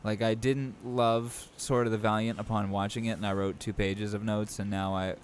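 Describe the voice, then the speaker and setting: Low-ish voiced guy cohosting a podcast, easygoing, lots of ums, bit of faint background noise. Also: normal speed. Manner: relaxed, thinking aloud with many fillers. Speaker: podcast co-host. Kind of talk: casual chat.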